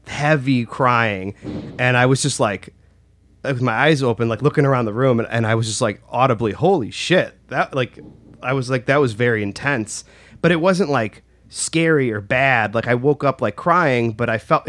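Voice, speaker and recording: A man's voice: medium pitch, a bit bright. A man telling a personal story in casual chat, rambling with lots of "like" and restarts. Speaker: storyteller recounting a personal experience.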